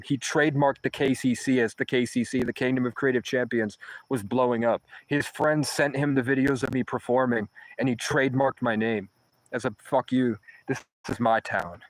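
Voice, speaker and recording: A young man talks through a personal story in a loose, rambling way, swearing freely and breaking off to restart his sentences. His voice sits at an ordinary pitch for a man. The recording is dry and close, with almost no room echo. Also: fairly even intonation, normal speed. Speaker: vlogger. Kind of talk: casual storytelling monologue.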